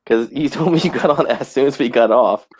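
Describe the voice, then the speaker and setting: A man's voice: mid-range voice, fairly quick, darkish tone, a little hiss or hum. A young man co-hosting a podcast, reading out chat messages and teasing the others in a dry way. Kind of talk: casual chat.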